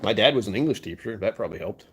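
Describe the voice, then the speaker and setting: A man's voice: lowish voice, lively intonation, racing, fairly bright tone, husky. Jokey, self-mocking man chatting to viewers. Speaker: streamer reading chat. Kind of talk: casual live-stream chat.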